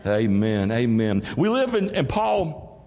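Lively Southern preacher in a reverberant church. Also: male voice, medium pitch, takes it slowly. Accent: Southern American. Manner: folksy, preacherly, calls out "Amen?" to the congregation. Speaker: pastor. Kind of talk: sermon. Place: church sanctuary. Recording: church hall with long reverb.

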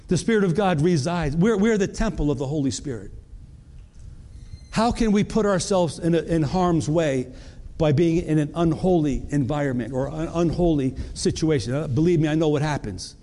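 A pastor preaches earnestly to his congregation, asking rhetorical questions and often restarting his phrases. His voice sits on the high side with a darkish tone.

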